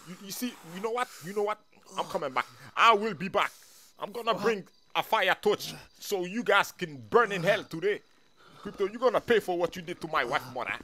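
A man playing a hot-tempered, grieving man bent on revenge who bosses others around and shouts them down in a homemade comedy skit. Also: sits high, expressive, a little fast. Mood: threatening. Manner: bossy, shouts people down.

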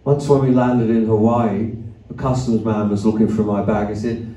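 Between songs at an arts centre concert hall, an older Australian musician spins wry, meandering stories, chuckling and cursing along the way. He speaks at a moderate pace in a fairly low, dark voice with little rise or fall in pitch. It was recorded on a distant mic, so the room sounds echoey.

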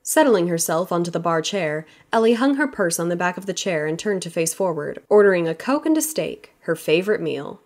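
A woman with a somewhat lower voice for her sex narrates an audiobook. Her storytelling is steady and even, in a plain scripted read. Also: brisk, few pauses.

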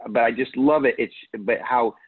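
Male host, husky mid-pitched voice, thinks aloud with many restarts, heard over a phone line. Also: moderate pace. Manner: rambling, hesitant, many restarts. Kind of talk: casual faith talk.

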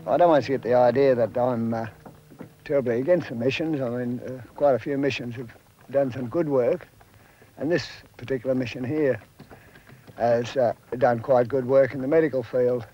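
An older man speaking slowly in an interview, pausing often with fillers as he recalls the past. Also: medium pitch. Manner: slow, halting, many uh fillers. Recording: dull lo-fi film audio.

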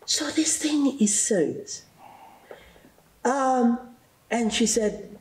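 A man's voice: extremely high pitch, lively intonation, slight background noise. A middle-aged man from South Africa with a South African accent, earnestly sharing a personal testimony in an interview. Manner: slow, reflective and earnest, with fervent rises. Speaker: gospel singer and bishop being interviewed.

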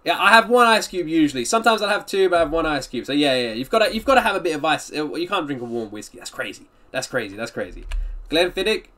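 A man's voice: on the high side, animated, fast, sharp tone. A man live-streaming a reaction, chatting upbeat with his viewers and greeting them by name. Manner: upbeat, greets and answers viewers' chat often.

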